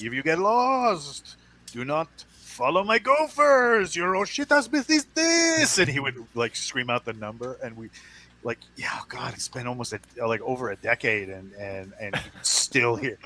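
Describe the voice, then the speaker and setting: A man's voice: mid-range voice, pushed and bright. A man on a podcast panel, chatting casually from home, telling stories with frequent laughs and lots of "uh" fillers. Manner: laughs often, many fillers, storyteller. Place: at home, wife in next room.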